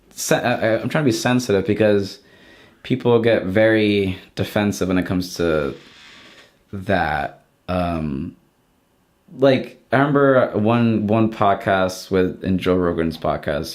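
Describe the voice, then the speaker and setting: A young adult man, a podcast guest, chatting casually and rambling with many restarts. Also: deep voice. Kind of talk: casual chat.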